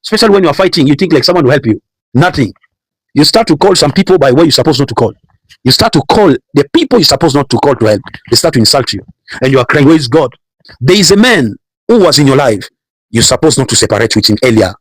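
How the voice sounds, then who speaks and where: A man's voice: mid-range voice, very animated, quick pace, husky, no room sound, poor audio. A man preaching a sermon, repeating phrases and building emphasis as he calls out Bible verses. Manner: preaching with repetition and rising emphasis. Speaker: pastor.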